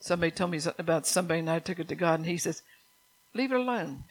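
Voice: medium pitch, little pitch movement, rapid-fire, husky, rough recording. A pastor in full sermon, pressing each point hard and repeating key lines to drive them home. The voice sits in a middle register and keeps turning to the congregation with questions and calls for an amen.

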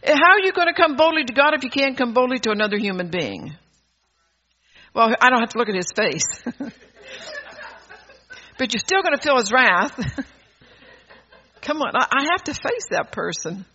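A woman's voice: sits high, big pitch swings, normal speed, long pauses, bright, forceful tone, highs cut off. A woman preaching a sermon in an emphatic, scolding way, calling out to her congregation.

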